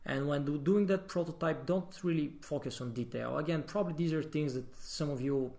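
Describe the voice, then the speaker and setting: A man's voice: fairly high pitch, a little fast, vocal fry, a little mellow. A man, a guest level designer, explaining his working process in a casual podcast discussion. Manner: explanatory, advice-giving.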